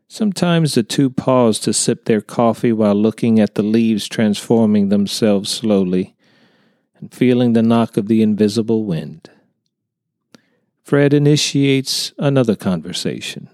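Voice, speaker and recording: A man narrating a short story in a calm, measured way. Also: lowish voice, no echo, clean studio sound.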